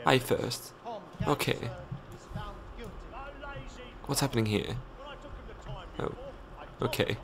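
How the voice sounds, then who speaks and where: A man's voice: mid-range voice, takes it slowly, vocal fry, pauses often, a crowd in the background. A man giving jokey, sweary live gameplay commentary. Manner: sweary, jokey, reacting aloud.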